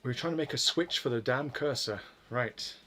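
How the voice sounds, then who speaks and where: A medium-pitched voice, pushed and bright, moves at a normal speed. The man chats loosely during a live coding stream, rambling, swearing freely, and joking at his own expense.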